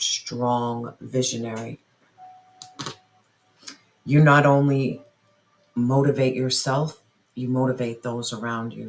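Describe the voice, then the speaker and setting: Here the tarot reader's mid-range voice is a little mellow. The reading is earnest and aimed straight at viewers, full of repeated phrases and spirit questions spoken aloud during each card draw.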